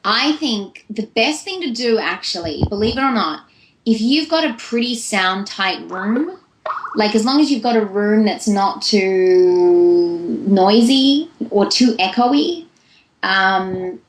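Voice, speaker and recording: A woman's voice: mid-range voice, animated, takes it slowly, slight background noise. Chatty woman in an echoey room. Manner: chatty and long-winded. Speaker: voice actress guest. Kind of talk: casual interview.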